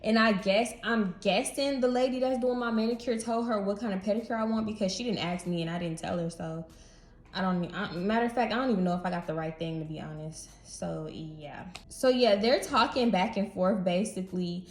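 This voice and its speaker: Young woman spilling a story to her viewers, slangy and lively, echoey room. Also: medium pitch, fairly quick. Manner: animated, slangy, talks straight to viewers. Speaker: beauty vlogger. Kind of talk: casual storytime chat. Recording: roomy echo.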